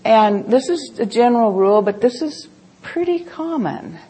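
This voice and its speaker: A woman's voice: fairly high pitch, animated, moderate pace, warm tone, slightly rough. A middle-aged woman giving an earnest Bible teaching talk, explaining with homely examples from family life.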